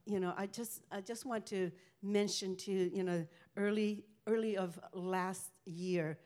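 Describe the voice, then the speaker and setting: A woman's voice: mid-range voice, steady tone, a little mellow. Rambling older woman sharing testimony. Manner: rambling, halting storytelling. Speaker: ministry speaker. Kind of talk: personal faith testimony.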